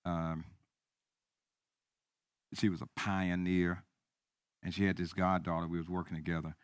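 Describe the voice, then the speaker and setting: A man preaching a sermon as pastor, repeating key lines and swinging from quiet talk to loud emphasis. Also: low-pitched, level tone, unhurried, clean tone, dry recording, clean studio sound.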